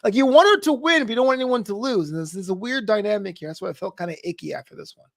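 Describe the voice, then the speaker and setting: A man with a high voice co-hosting a podcast, talking in an emphatic, animated way and joking as he goes. He leans hard on his points. The recording is dry and close to the mic. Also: racing, gravelly, no room sound. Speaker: podcast co-host. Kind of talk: casual wrestling podcast chat.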